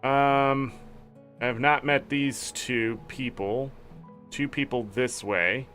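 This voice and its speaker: Man, gaming streamer, wry commentary, bright tone, faint game music. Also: mid-range voice, steady tone, takes it slowly. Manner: wry, sarcastic asides. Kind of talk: casual gameplay commentary.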